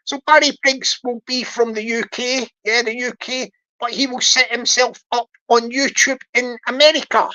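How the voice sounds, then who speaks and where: A woman's voice: on the high side, fairly even intonation, normal speed, hardly any pauses, bright, forceful tone, highs cut off. A woman giving joking livestream commentary, rambling, repeating herself and laughing often. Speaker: livestream host.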